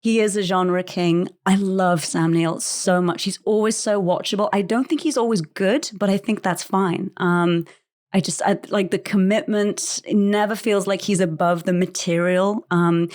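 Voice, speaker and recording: A woman's voice: mid-range voice, fairly even intonation, normal speed, a little mellow. Woman gushing about an actor on a podcast, chatty and giggly. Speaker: podcast guest. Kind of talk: casual film discussion.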